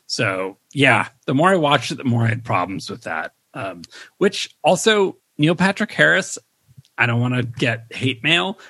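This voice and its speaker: A man co-hosting a casual TV review chat, animated and quick to mimic his own reactions. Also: medium pitch, husky, no room sound. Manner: animated, quotes reactions in raised voice. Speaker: podcast co-host.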